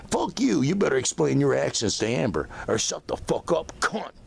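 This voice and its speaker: A man's voice: fairly low pitch, vocal fry, a little mellow, slight background noise. A man delivering an aggressive, profane, insulting rant directly at someone he is angry with.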